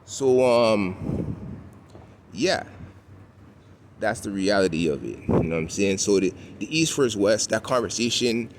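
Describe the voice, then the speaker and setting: A man's voice: on the low side, lively intonation, measured pace, pauses often. A man from Toronto with a Toronto accent, talking in a laid-back slang-filled way while walking, with lots of "you know what I'm saying". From Toronto, Canada. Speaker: vlogger. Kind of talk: casual walking vlog rant. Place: outdoors on a city street. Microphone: handheld camera while walking. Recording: street noise from passing vehicles. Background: traffic and street ambience.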